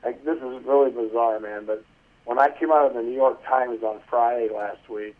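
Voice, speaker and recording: A man's voice: mid-range voice, steady tone, normal speed. A man who is a guest and pig farmer, telling stories in a rambling, salty, folksy way during a casual phone interview. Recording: tinny phone line.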